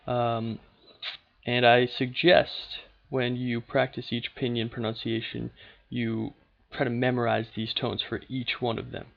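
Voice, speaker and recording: A man of middling pitch talks through a lesson in a patient, steady way, pausing often with small fillers. The sound is dull and lo-fi, like an older home video. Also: creaky. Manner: patient, steady, with frequent "okay" and "uh". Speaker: language teacher. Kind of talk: unscripted explanatory lesson.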